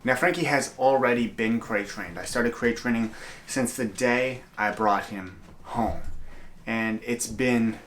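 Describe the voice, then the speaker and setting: A man's voice: medium pitch, a little slow, a bit bright, a little hiss or hum. A man chatting to camera in a room at home, giving upbeat, earnest advice as a dog owner. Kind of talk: casual vlog talk to camera.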